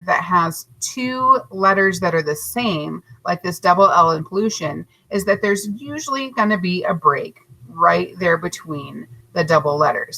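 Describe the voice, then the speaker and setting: A woman teaching a third grade class in a recorded lesson, patient and encouraging, stretching words out slowly to split their syllables. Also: lowish voice, creaky, bright, forceful tone, rough recording. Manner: slow, overarticulated syllables and spelling.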